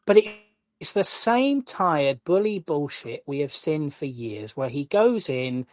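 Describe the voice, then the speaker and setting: A man, a guest co-host and wrestling columnist, ranting in an animated, exasperated way during casual podcast chat. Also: fairly high pitch, unhurried, dry recording.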